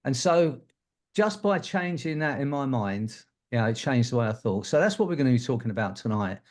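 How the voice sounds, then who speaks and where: A man's voice: medium pitch, animated, fairly quick. An older man and co-host telling a personal story to an audience in a candid, rambling way. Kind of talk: personal anecdote to a live audience.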